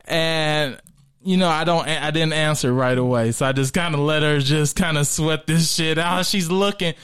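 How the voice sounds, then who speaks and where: Male comedian, smooth clear voice, pitched a bit high, animated anecdotes. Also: normal speed. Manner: animated storyteller, laughs often. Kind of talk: casual chat.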